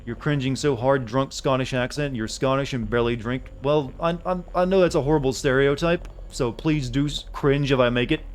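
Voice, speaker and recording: A man's voice: mid-range voice, a little fast, hardly any pauses, a little hiss or hum. A man doing casual gaming commentary as a streamer, rambling and joking as he thinks aloud.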